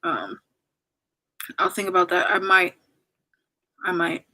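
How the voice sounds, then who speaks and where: Slow and fairly low-pitched, her voice comes across pushed and bright as she chats through a farewell livestream and reads viewers' comments. The young YouTuber is holding back tears, apologizing and filling the gaps with rambling. The recording is low quality.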